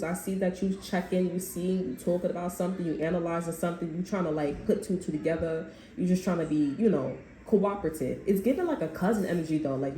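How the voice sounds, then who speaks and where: A woman reads tarot cards in a loose, rambling way, full of slang and acted-out quotes. Her voice sits low and mellow. The room around her is echoey, with a faint hiss behind. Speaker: tarot reader. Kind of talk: casual spoken tarot reading.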